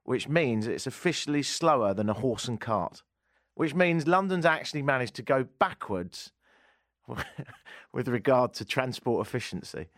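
A man's voice: mid-range voice, animated, unhurried, fairly bright tone, no room sound, studio quality. A man hosting a talk radio show, rambling, jokey and self-deprecating. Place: radio studio.

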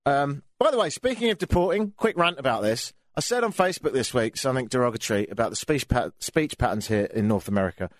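A man's voice: mid-range voice, animated, fast, few pauses, no room sound. An English man hosting a talk radio show, grumbling through a sardonic rant into a studio microphone. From England.

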